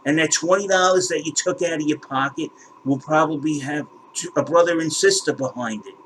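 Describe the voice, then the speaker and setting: Indignant male host, slightly high voice, swears and stumbles over repeats, faint hiss behind. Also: brisk, a bit bright, low-quality recording. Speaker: crypto channel host. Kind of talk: ranting screen walkthrough.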